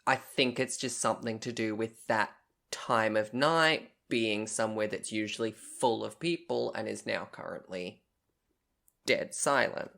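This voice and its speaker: A man's voice: fairly low pitch, measured pace, gravelly, bright, forceful tone. A man co-hosting a podcast, recounting a story in a chatty, casual way, swearing freely and acting out what people said. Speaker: podcast co-host.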